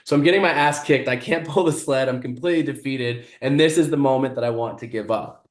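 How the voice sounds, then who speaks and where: A man, a guest speaker, telling a motivational story in an animated, vivid way. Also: mid-range voice, a little fast, roomy sound.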